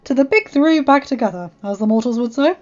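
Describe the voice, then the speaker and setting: A woman's voice: fairly high pitch, animated, fairly quick, close to an everyday voice. A woman voicing a pompous male king of the gods in a fan fiction read aloud, on a dull lo-fi recording.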